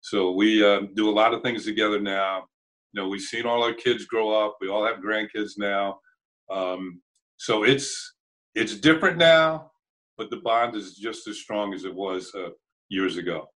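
An older man and former ballplayer, a guest in an interview, telling relaxed anecdotes with frequent chuckles and halting restarts. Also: lowish voice, poor audio.

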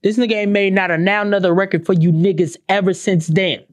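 A fast-talking woman with a steady tone, recorded with no room sound, hosts her podcast in a profane ranting monologue. Bluntly sarcastic, she swears often, poses rhetorical questions, and swings from high exclamations to low asides.

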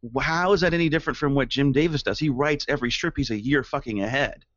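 A man co-hosting a podcast in casual chat, animated and profane, often acting out quoted people in silly voices. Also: mid-range voice, fast talker, no echo, lo-fi sound. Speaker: podcast co-host.

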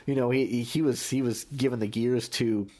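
A man's voice: mid-range voice, steady tone, moderate pace, warm tone. A man, a sports journalist recalling match-day stories in a podcast conversation. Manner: anecdotal storytelling, many restarts.

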